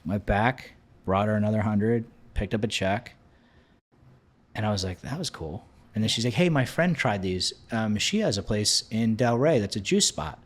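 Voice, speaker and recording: A man in his thirties with a low voice tells a story on a podcast. He talks casually and with energy, and slips into the voices of the people he quotes. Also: normal speed. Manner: animated, acts out quoted dialogue. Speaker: podcast guest.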